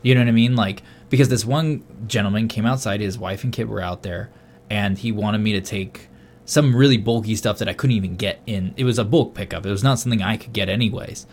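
A man's voice: lowish voice, a little fast, a little mellow. A man co-hosting a podcast in casual chat, telling rambling, profane stories. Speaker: podcast co-host.

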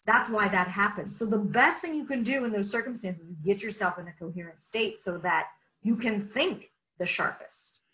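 A woman's voice: mid-range voice, normal speed, low-quality recording. A woman leadership coach answering interview questions, explaining energetically and often checking in with "right?". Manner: energetic, lots of "right?" asides.

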